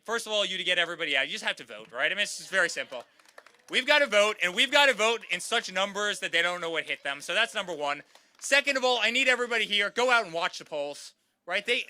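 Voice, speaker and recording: Bright-voiced man giving rally speech. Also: high voice. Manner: repetitive, rallying crowd, addresses them as guys. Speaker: campaign speaker. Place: outdoor campaign rally.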